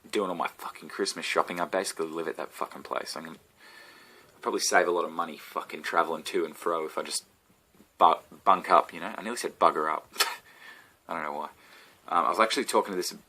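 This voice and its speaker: A young Australian man rambles through a comic rant, swearing often and mocking himself. His voice sits low and he jumps between tangents. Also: sharp tone. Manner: profane, rambling, self-mocking. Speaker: comedian vlogger.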